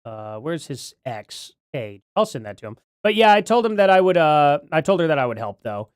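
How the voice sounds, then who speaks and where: Chatty streamer with a lively, bouncing voice. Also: mid-range voice, normal speed, clear, resonant tone, no echo, clean studio sound. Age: adult parent. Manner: rambling, self-correcting, chatty. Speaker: livestream host. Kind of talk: casual livestream chat reading donations.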